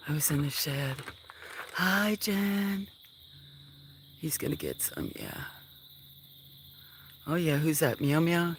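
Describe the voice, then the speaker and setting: A woman's voice: deep voice, big pitch swings, slow, pauses often. Chatty woman livestreaming from a farm at night. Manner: chatty, scattered, talks softly to animals. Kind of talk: casual livestream chat with viewers and animals. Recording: outdoor noise with chirping crickets. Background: crickets and insects.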